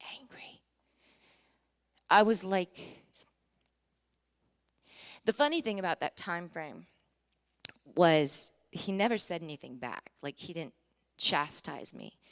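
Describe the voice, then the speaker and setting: A woman in her forties giving a sermon testimony, telling her story with strong feeling, acting out what was said, rising to near-shouting and dropping to whispers. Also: lowish voice, expressive, slow, pauses often. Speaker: Christian singer giving a testimony. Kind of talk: sermon testimony to a live audience.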